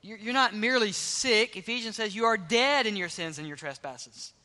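High-voiced pastor preaching in echoing hall. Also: male voice, normal speed. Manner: emphatic preaching, dropping to hushed tones for stress. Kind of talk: sermon. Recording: long hall reverb.

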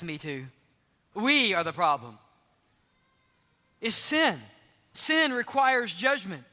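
High-voiced pastor preaching in echoing hall. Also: male voice. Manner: emphatic preaching, dropping to hushed tones for stress. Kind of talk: sermon. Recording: long hall reverb.

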